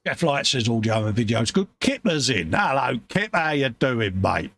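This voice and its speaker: British man, jokey livestream host, gravelly voice with a lively, bouncing pitch, chatting from a home workshop. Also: normal speed. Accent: British English. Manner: jokey, chummy, reads viewer comments aloud. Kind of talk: casual chat.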